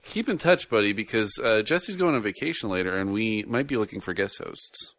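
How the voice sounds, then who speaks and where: A man's voice: lowish voice, brisk. A man hosting a casual podcast, joking and laughing often as he chats with his co-host. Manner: animated, laughs often, jokey.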